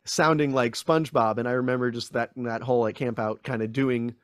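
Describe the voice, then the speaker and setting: Animated man telling stories, dry sound. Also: medium pitch, a little fast, smooth, dry recording. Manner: animated storyteller, acts out quotes in voices. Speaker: guest actor and screenwriter. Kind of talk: casual interview chat.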